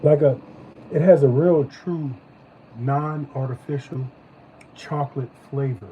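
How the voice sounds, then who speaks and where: A man hosting a live stream, chatting casually as he reviews snacks, animated and slangy. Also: fairly high pitch, a little slow, narrow, tinny audio, slight background noise. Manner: animated, loose slangy talk.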